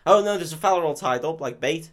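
Lively sweary podcast bloke. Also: male voice, fairly high pitch. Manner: sweary, laughing, acts out scenes in quick impressions. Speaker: podcast co-host. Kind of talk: casual film-recap banter.

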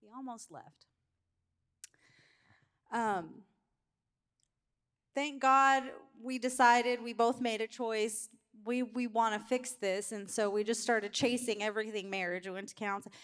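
A middle-aged woman preaching a sermon, telling a candid personal story in an animated way. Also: fairly high pitch, measured pace, clear, resonant tone.

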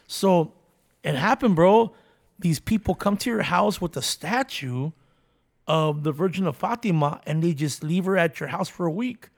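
A man with a high, gravelly voice in relaxed banter. He jokes and swears freely, slipping into Spanish when he quotes someone. The talk is loose and lively. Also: normal speed. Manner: joking, profane, switches into Spanish for quoted voices. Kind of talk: casual chat.

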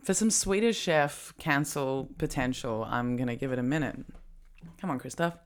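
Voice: medium pitch, normal speed, clean tone. A podcast host chatting and joking with a guest, teasing and laughing often. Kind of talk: joking interview chat. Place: remote call.

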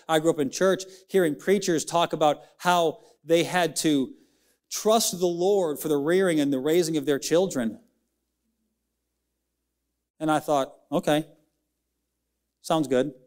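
A young adult man preaching a sermon in a church, rising and falling dramatically, stretching words out for emphasis. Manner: preaching with big swings of pitch, dramatic slowdowns. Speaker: pastor. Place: church sanctuary.

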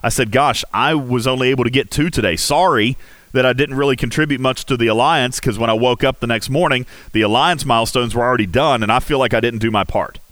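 A man hosting a casual game livestream, talking in an animated, rhetorical way with many fillers. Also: mid-range voice, quick pace, no room sound. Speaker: livestream host. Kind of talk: casual game commentary chat.

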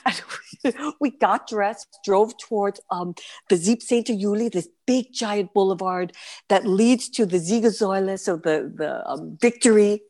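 A woman's voice: medium pitch, unhurried. A woman in her fifties from New York with a New York accent, a guest performer telling vivid stories in a podcast interview. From New York City. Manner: animated, vivid storyteller.

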